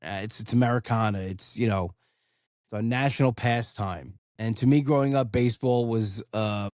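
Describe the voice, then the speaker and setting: A man's voice: lowish voice, moderate pace, darkish tone, no room sound, studio quality. A man, hosting a casual solo podcast, talking in a rambling, heartfelt way with many "you know" fillers. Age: 40s. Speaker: podcast host.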